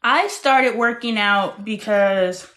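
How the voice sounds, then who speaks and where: A woman in her thirties chats casually on her own livestream. Her voice sits at a mid pitch, and she tells stories in an animated, talkative way with playful exclamations. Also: takes it slowly. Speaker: host.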